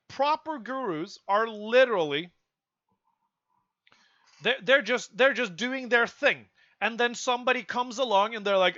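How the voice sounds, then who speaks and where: A young man streaming, ranting to his chat in an exasperated, profane way with sudden loud outbursts. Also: sits high, no echo, highs cut off.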